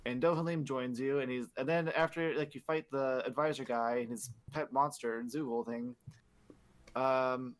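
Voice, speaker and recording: A man's voice: medium pitch, fairly even intonation, moderate pace. A man hosting a podcast, recapping in a rambling, casual way, swearing often and leaning on filler words. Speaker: podcast host. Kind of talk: casual chat.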